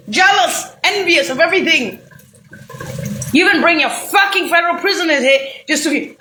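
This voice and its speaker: A woman's voice: high-pitched, animated, moderate pace, pauses often, sharp tone, a little hiss or hum. A woman delivering an angry, profane, rambling rant straight to the listener. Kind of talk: unscripted rant to camera.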